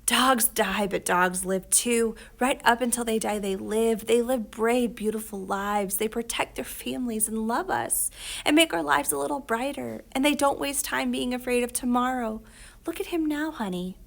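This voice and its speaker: A woman voicing a gentle mother soothing her sick young son, soft and a little hesitant. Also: fairly high pitch, moderate pace, vocal fry. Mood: tender.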